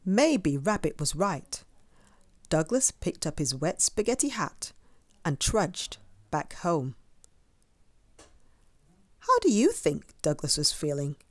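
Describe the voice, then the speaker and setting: Slow, expressive woman reading a children's story. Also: low-pitched, dry recording. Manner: expressive, asks the listener questions. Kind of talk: children's story read-aloud.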